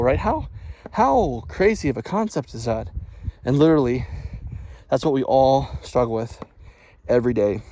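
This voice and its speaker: A man's voice: mid-range voice, a little mellow, a little hiss or hum. A man rambling casually as he walks along a road outdoors, laughing at himself as he talks. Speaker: vlogger. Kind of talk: casual walking vlog monologue.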